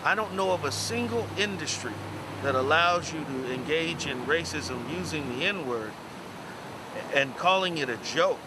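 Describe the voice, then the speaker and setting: A man's voice: a little high, expressive, unhurried, very noisy. A man, a protester, speaking firmly and indignantly in a news interview.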